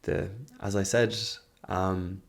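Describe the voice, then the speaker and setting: Host, thirties, male, low-pitched, reflective and searching, trails off mid-thought. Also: fairly even intonation, slow pace. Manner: earnest, searching, trails off and restarts. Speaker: podcast host. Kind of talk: reflective monologue.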